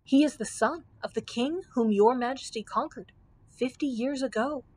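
A woman's voice: high voice, moderate pace, darkish tone. A woman voicing a frightened but loyal male servant who gulps and chokes out his words. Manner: nervous, gulping.

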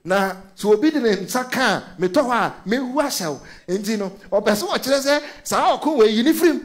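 Animated Ghanaian pastor with a high voice. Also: male voice, brisk. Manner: mixes Twi and English, animated storytelling, calls out hallelujah. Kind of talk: sermon.

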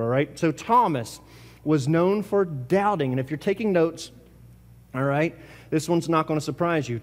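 A man's voice: on the high side, a little mellow, in a large hall. A man preaching a sermon as pastor, talking casually and asking the congregation questions. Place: church sanctuary.

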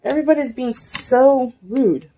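A young woman vlogging casually while unboxing a gift, excitable and gushing, often breaking into giggles. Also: high voice, measured pace, a little hiss or hum. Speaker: YouTube vlogger. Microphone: camera, face not shown.

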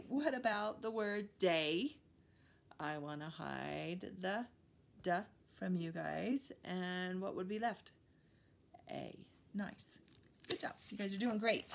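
A woman preschool teacher giving a phonics lesson to young children, sounding out letters slowly and praising them warmly. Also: medium pitch, gravelly. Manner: slow, encouraging, sounding out letters for small kids.

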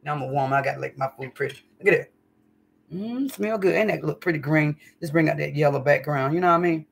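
A woman's voice: low voice, quick pace, vocal fry, distant mic. A woman chatting folksily to viewers during a live cooking stream in her home kitchen. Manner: folksy, chatty, calls viewers y'all and honey. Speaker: home cook livestreamer. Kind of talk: casual live cooking chat.

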